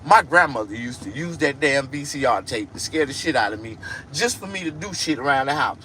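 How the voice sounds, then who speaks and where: A man telling crude comic stories, shouting and shrieking for effect. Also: mid-range voice, fairly quick, a little hiss or hum. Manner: crude, loud, shrieking storytelling. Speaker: comedian. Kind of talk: comic monologue.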